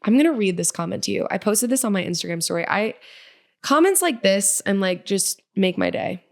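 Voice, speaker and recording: A woman's voice: mid-range voice, lively intonation, fairly quick. A young woman hosting her solo podcast, talking casually and earnestly, gushing and upbeat as she encourages her listeners. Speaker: podcast host, independent musician. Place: Nashville.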